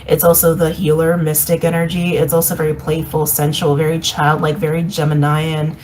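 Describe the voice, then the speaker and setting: A woman giving a casual intuitive reading, meandering and repeating herself, reflective with soft laughs. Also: low-pitched, monotone, moderate pace, a little hiss or hum, poor audio. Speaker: intuitive reader.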